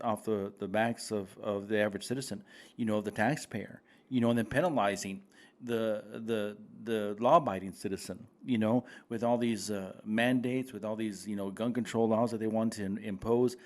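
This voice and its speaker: A man co-hosting a casual political chat show, earnest and halting, often repeating himself and saying "you know". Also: on the low side, a little mellow. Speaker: podcast co-host.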